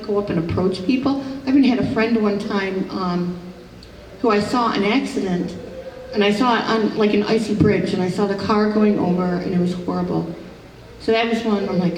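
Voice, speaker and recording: A woman's voice: medium pitch, moderate pace, darkish tone, slight background noise. A middle-aged woman, a psychic medium, giving a casual, rambling talk at an expo, full of fillers and restarts. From rural upstate New York. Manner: chatty, many fillers and restarts. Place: expo hall. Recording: roomy hall, recorded from a distance.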